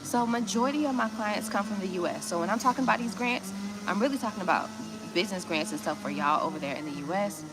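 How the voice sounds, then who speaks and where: A low-pitched woman from Miami, Florida, USA, with a Southern US accent, talks casually about small business grants on a livestream, speaking to viewers in a blunt, slangy way. The setting is West Africa, and there's noise in the background.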